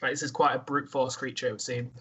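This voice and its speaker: A man running a tabletop game as dungeon master, narrating and pausing on fillers. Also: medium pitch, flat delivery, a bit bright, husky. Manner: measured narration with frequent fillers.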